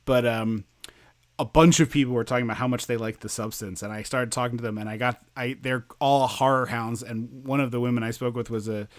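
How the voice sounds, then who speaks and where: A man co-hosting a casual movie podcast, rambling and animated, with plenty of fillers and restarts. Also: medium pitch, brisk. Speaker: podcast co-host.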